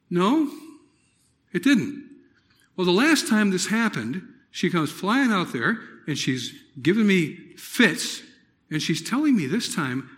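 A middle-aged man preaching a personal testimony, telling it dramatically with loud exclamations and hushed, near-whispered moments. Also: high-pitched. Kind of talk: sermon testimony.

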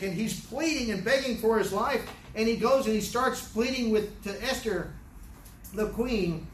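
Brief: man Bible teacher, high voice, roomy echo from a distant mic. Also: normal speed. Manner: conversational, with many restarts, paraphrasing scenes. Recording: echoey room, distant mic, faint noise.

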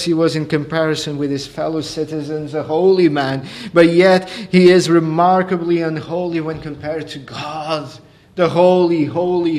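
Male preacher, fairly high voice, earnest sermon delivery that swells to emphasis. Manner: builds from quiet explanation to raised, emphatic preaching.

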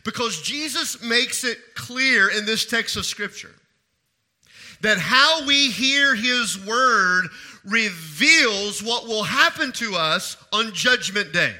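A man's voice: sits high, lively intonation, pushed and bright. A middle-aged man preaching a sermon as pastor, asking the congregation questions and repeating key phrases for emphasis. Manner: asks the congregation questions and pauses for answers.

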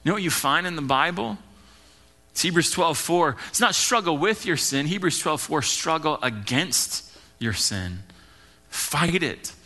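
A male pastor preaching an earnest sermon, swinging between loud urging and hushed low lines. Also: normal speed.

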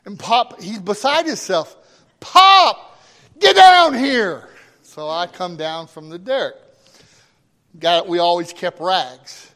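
A middle-aged man, a pastor, telling a folksy story in a sermon with animated quoted voices. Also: sits high, a little slow. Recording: long reverb of a hall.

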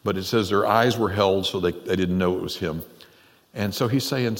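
A man pastor preaching a conversational, animated sermon in a church, with frequent laughs. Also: sits low, moderate pace, creaky. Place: church sanctuary. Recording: long reverb in a church hall.

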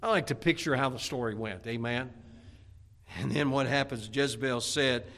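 Animated, bright-voiced male preacher. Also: medium pitch, moderate pace. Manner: animated storytelling preaching, acting out scripture characters. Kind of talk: sermon.

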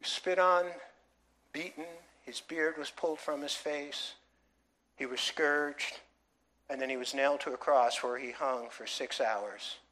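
A man's voice: medium pitch, fairly even intonation, a little slow, bright, forceful tone. A man preaching a sermon in a church, emphatic, with many rhetorical questions to the congregation. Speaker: pastor.

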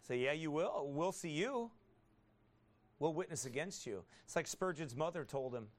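A man with a somewhat high-pitched, lively voice preaches a pastor's sermon full of rhetorical questions. He reads scripture slowly and deliberately, then swells into forceful, emphatic bursts.

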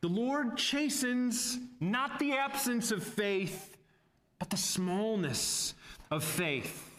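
A man's voice: high voice, animated, slow, fairly bright tone. A man preaching a sermon, earnest and exhorting, who calls his listeners beloved.

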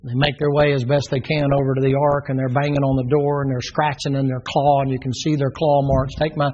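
A man's voice: medium pitch, level tone, a little fast, a little mellow. A man preaching a sermon, telling the story with drama and acting out the characters' voices. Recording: dull lo-fi sermon recording.

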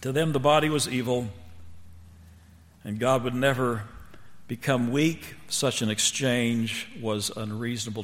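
A man's voice: medium pitch, steady tone, measured pace, fairly bright tone. A man preaching a sermon to students, emphatic and firing rhetorical questions at the audience. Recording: long reverb of a large hall.

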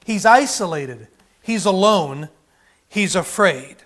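A man's voice: high voice, expressive, takes it slowly, fairly bright tone. A man preaching a sermon with fervor, often rising and then dropping his volume. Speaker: pastor.

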